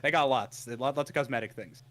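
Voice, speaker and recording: A man's voice: medium pitch, fast talker, fairly bright tone. A man co-hosting a casual anime podcast, retelling episodes with lots of restarts and amused laughs. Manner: rambling, many restarts, laughs at his own retelling. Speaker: podcast co-host. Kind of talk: casual anime review chat.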